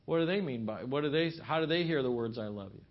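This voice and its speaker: A man's voice: medium pitch, lively intonation, quick pace, highs cut off. Man preaching, storytelling. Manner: storytelling, acts out his wife's lines in raised voice. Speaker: pastor. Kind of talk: sermon at a marriage seminar.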